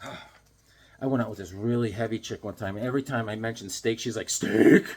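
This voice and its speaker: A man's voice: lowish voice, fairly quick, husky. A man rambling through his comic book haul in a casual vlog, cracking jokes and interrupting himself. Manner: jokey, rambling, self-interrupting.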